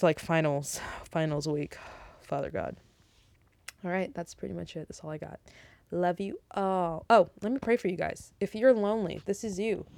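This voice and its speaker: A woman's voice: lowish voice, gravelly, a little mellow, dry recording. A young woman giving a casual, rambling faith talk, preachy with joking asides, ending in a spoken prayer. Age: young adult. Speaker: Christian vlogger.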